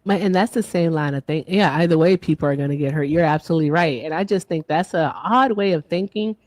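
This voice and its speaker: A woman's voice: low-pitched, quick pace, dry recording. A woman in her thirties hosting a casual livestream, playful and chatty, thanking donors. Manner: playful, chatty, reads donor shout-outs. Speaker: livestream host.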